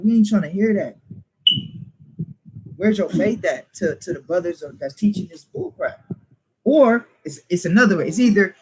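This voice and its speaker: High-voiced emphatic man preaching. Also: a little hiss or hum, rough recording. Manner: emphatic, rhetorical questions, teasing laughs. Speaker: teacher. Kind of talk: informal preaching to a small group.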